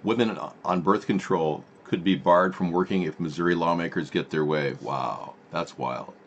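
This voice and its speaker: Low-voiced male streamer, chatty, reading news aloud. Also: normal speed, highs cut off, slight background noise. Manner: muttering asides while reading headlines. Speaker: live stream host. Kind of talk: casual live stream commentary.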